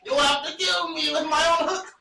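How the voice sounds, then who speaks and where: A woman's voice: sits high, steady tone, moderate pace, vocal fry, sharp tone, pitched above the performer's own voice, heavily acted. A woman doing a swaggering hook-handed pirate. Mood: teasing. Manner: growly pirate "arr" talk. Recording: roomy room, mic at a distance, faint noise.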